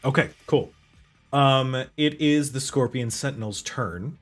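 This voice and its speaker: A man's voice: medium pitch, measured pace, soft background music. A man running a tabletop game as game master, narrating casually, with hesitant fillers and frequent laughs.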